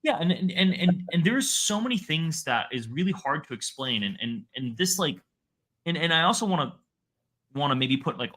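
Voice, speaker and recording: A man's voice: medium pitch, bright, forceful tone. A man speaking as a guest analyst in a casual interview, talking in rambling runs full of restarts and fillers.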